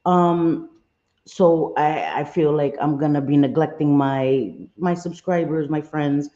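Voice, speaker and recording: A woman's voice: deep voice, fairly even intonation, takes it slowly, dark tone, highs cut off. A woman hosting a casual livestream, apologetic and chatty, greeting her viewers one by one. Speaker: livestream host.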